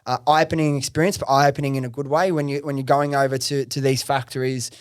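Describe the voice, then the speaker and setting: A man telling his business story on a podcast, at a middle pitch, in a loose, chatty way. He gets excitable, swears freely and peppers his talk with "like" and "bro". He is recorded close on a dry mic with no room sound. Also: quick pace, clean tone, no echo. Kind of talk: casual storytelling interview.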